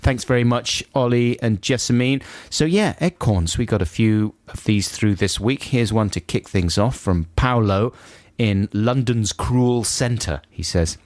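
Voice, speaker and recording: A man's voice: mid-range voice, a little slow, few pauses, a little mellow, no room sound. A man co-hosting a radio show, reading listener emails aloud with playful banter. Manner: playful, breaks into laughter, mimics quoted people. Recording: dry radio studio.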